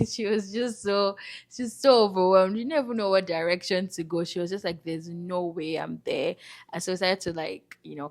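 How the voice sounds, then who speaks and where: A woman from Nigeria, narrating a travel vlog as an animated, chatty storyteller. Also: medium pitch. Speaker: vlogger.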